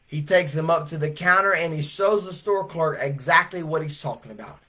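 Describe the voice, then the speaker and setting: A man preaching a revival sermon as an evangelist, telling stories animatedly and swelling to shouts. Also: on the high side, normal speed.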